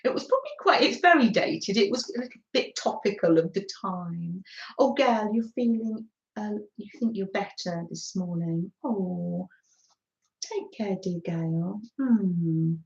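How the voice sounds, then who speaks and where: A woman's voice: medium pitch, expressive, moderate pace. A middle-aged woman hosting a live craft stream, chatting casually with viewers, greeting them by name and laughing often. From Britain. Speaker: craft livestream host. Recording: slightly dull, roomy livestream audio.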